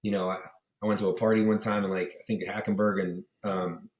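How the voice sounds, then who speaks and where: A man's voice: on the low side, flat delivery, a little fast, echoey room. A young man from the Pittsburgh area, a podcast guest chatting casually and rambling through stories with many fillers, acting out the voices of people he quotes. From Pittsburgh area, USA. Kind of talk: casual interview chat.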